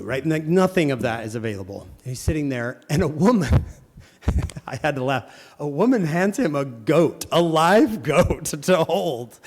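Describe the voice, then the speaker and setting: A man's voice: medium pitch, in a large hall. A man teaching a congregation in a sermon, telling stories and acting out the people in them. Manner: animated storyteller acting out quoted people. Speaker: religious teacher speaking to a congregation. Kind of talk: sermon with storytelling. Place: church hall.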